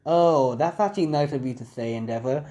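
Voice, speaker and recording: A man voicing a cold, aloof teenage boy hero in a fan-made audio story, speaking in a flat, dismissive way. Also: medium pitch, a little fast, close to an everyday voice.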